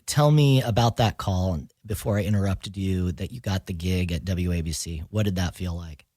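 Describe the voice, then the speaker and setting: A man's voice: deep voice, moderate pace, warm tone, dry recording, studio quality. A man hosting a podcast interview who asks his guest questions with enthusiastic admiration. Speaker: podcast host.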